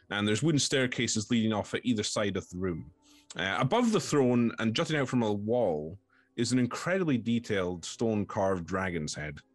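A man's voice: fairly low pitch, no echo. A man narrating as game master in a tabletop game, hesitant and full of ums.

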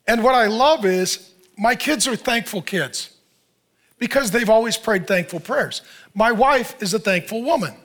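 A man's voice: sits high, measured pace, a bit bright. A middle-aged male pastor preaching a sermon in a conversational way, asking the listeners questions and acting out what people say. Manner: conversational preaching with rhetorical questions and acted-out quotes.

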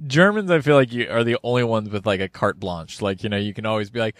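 A man's voice: lowish voice, fast talker, few pauses, dry recording. A man co-hosting a casual podcast, laughing often and rambling as he talks. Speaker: podcast co-host.

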